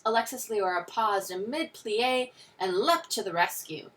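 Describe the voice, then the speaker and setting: Teacher lady reading a kids story out loud, expressive, mic a bit far. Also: mid-range voice, unhurried. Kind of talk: reading a picture book aloud.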